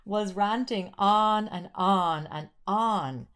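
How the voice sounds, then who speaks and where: A woman co-hosting a podcast over a remote call from a rented holiday home, playful and quick with wordplay, laughing a lot. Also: medium pitch, a bit bright, smooth. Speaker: podcast co-host. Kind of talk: casual chat.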